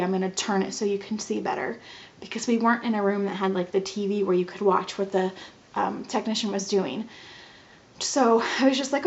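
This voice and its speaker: A young woman in her twenties telling a personal story to the camera in a casual vlog, animated and giggly, acting out the dialogue. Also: fairly high pitch. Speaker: vlogger. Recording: slightly dull lo-fi audio.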